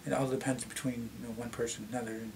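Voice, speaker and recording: A man's voice: little pitch movement, racing, noisy background. Canadian man rambling casually. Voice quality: slightly deep voice. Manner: rambling, many restarts and fillers. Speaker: vlogger. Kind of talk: casual rambling chat to camera.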